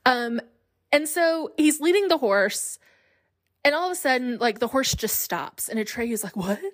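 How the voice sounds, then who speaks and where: A woman's voice: high-pitched, a little slow. Chatty woman podcast host in her forties. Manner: chatty, animated, laughs often. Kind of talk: solo podcast chat.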